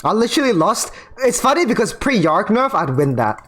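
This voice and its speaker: Male streamer, lively, volatile delivery, low mutters to loud outbursts, faint music under. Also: fairly quick. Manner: swings from muttering to shouting outbursts, swears. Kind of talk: live game commentary.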